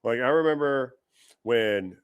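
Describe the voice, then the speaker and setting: A man's voice: medium pitch, lively intonation, measured pace, clear, resonant tone, dry recording, clean studio sound. A man hosting a show, giving blunt, opinionated reaction commentary on clips, swearing often and restarting his sentences.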